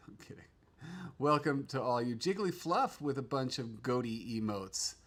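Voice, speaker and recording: A man's voice: medium pitch, animated, normal speed, a bit bright. A man hosting a casual livestream from a home studio, chatting loosely, trailing off and restarting his sentences. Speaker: livestream host.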